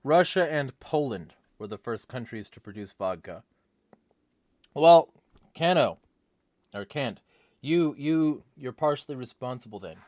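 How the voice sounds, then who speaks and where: A man's voice: mid-range voice, lively intonation, measured pace, long pauses, darkish tone, no echo. A young man hosting a livestream, reading chat comments and answering them in a rambling, wry way.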